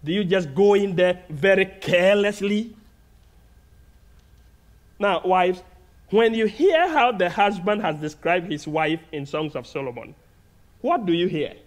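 A man with a Ghanaian accent preaching a sermon in a church, slow, deliberate and earnest, with long pauses between phrases. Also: sits high. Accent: Ghanaian English. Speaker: guest preacher. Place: church sanctuary.

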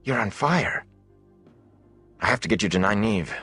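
A man's voice: on the low side, animated, normal speed, a bit bright, slightly rough, faint music behind. A man voicing an anxious young farm lad in an audiobook, urgent and worried. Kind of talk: audiobook character reading.

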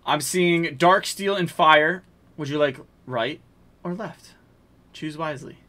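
Bright-voiced man hyping card pulls on stream. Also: a little high, slow pace. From New England. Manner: chatty, hypes pulls, jokes with chat; drops to mumbles while sorting cards. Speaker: streamer opening card packs. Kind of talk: casual live-stream chat.

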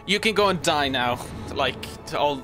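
A man's voice: a little high, animated, moderate pace, music in the background. Rambling young man playing a game. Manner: rambling, stammering, swears freely. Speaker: gaming video host. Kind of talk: casual gameplay commentary.

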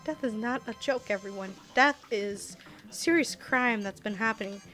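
A tipsy young woman streaming a game, rambling and swearing with giggles and sudden loud outbursts. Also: medium pitch, normal speed, soft background music. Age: young adult. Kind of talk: casual gaming stream chat.

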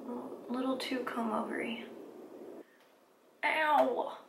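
A woman's voice: a little high, measured pace, background noise. A woman vlogger chatting casually through a makeup tutorial, rambling and joking at herself as she works. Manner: rambling, self-deprecating, talks to herself while working. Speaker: beauty vlogger. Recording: echoey room.

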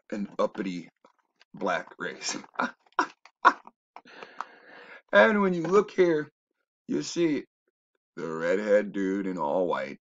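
A man talking in a rambling, casual monologue that drops to low mutters and jumps to loud exclamations. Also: muffled recording. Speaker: video commentator.

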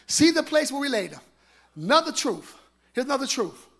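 In a church sanctuary, a male pastor preaches an Easter sermon live into a handheld mic, shouting exuberantly, laughing, and trading call-and-response with the congregation. His voice is very high-pitched with big swings in pitch, at a moderate pace.

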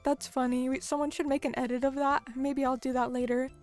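A woman's voice: sits high, little pitch movement, fairly quick, a little mellow, soft background music. A young American woman streamer chatting casually with her viewers, talking loosely with lots of fillers as she reads and answers chat. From United States.

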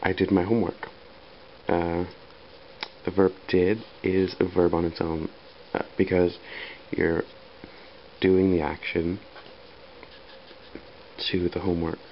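A man teaching an English grammar lesson, speaking unhurriedly with pauses and fillers. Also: low voice. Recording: dull lo-fi sound with faint background hiss.

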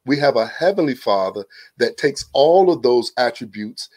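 A man's voice: medium pitch, animated, normal speed, darkish tone. Earnest man sharing a personal story. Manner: earnest, repeats words when starting a thought. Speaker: podcast guest. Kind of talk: casual testimony.

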